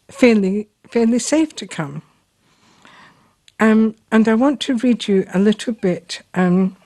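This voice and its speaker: A woman with a Scottish accent hosting a local show, telling stories and reading aloud in an unhurried way with frequent ums. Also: medium pitch, warm tone, no room sound. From Scotland. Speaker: host. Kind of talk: casual storytelling and reading aloud.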